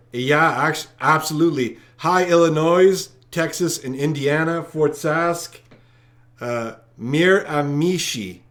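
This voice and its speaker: A man's voice: on the high side, fairly bright tone. A man hosting a live-streamed trivia night, talking chattily and straight to his viewers. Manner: chatty, addressing viewers directly. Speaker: trivia host.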